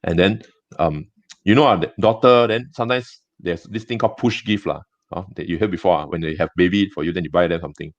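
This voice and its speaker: A Singaporean-accented man who owns a gem business tells stories in a casual interview, chatty and halting with many restarts. His voice sits low, and the recording is dry, dull and lo-fi.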